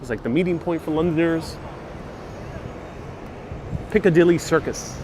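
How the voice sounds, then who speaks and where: A man's voice: fairly high pitch, moderate pace, darkish tone. A man guiding a live-streamed city bus tour, chatting casually and reading out viewer comments. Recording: faint street and traffic noise.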